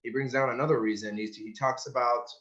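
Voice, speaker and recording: A man chatting casually on a video call from a large empty gym, talking in halting bursts with many fillers and slipping in jokes. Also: medium pitch, steady tone, fairly bright tone. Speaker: podcast co-host. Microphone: computer mic on a video call. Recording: echoey gym, dull call audio.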